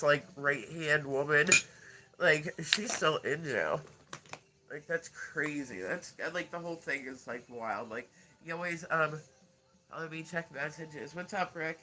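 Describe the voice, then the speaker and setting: A man's voice: a little high, pushed and bright. A man casually chatting on a livestream, rambling and laughing often while congested with a stuffy nose. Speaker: livestream host.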